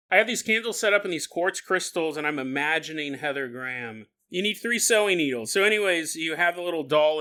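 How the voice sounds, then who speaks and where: A man hosts a solo podcast in a high, tense, bright voice. He jokes his way through a reading, laughing often and slipping into mock-dramatic voices. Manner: jokey, laughs often, riffs while reading aloud. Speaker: podcast host. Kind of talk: comedic podcast monologue.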